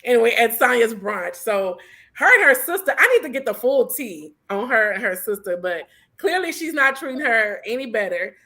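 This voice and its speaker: A woman's voice: on the high side, sing-song, normal speed, bright, forceful tone. A woman co-hosting a casual recap chat, easygoing and agreeable, laughing often. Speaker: podcast co-host.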